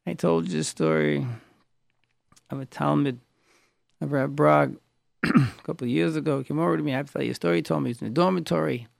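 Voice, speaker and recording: A man's voice: a little high, animated, quick pace, gravelly, pauses often, dry recording. A man, a rabbi, preaching a sermon, telling stories and acting out the quoted lines, often breaking off and restarting words. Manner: storytelling, acts out quoted lines.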